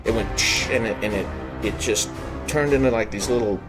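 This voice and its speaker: A man hosting a podcast, telling a personal paranormal story in an earnest, halting way, often circling back to rephrase himself. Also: on the low side. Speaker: podcast host. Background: background music.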